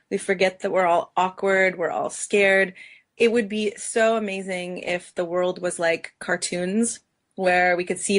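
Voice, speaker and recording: Workshop-leader lady chatting on a podcast, medium pitch, talks freely. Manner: warm, animated, laughs easily. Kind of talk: casual podcast conversation.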